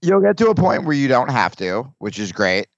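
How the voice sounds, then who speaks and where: A comedian guest talking in casual podcast chat, rambling with restarts and acting out quoted lines. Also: male voice, mid-range voice, sing-song, moderate pace, no room sound, muffled recording.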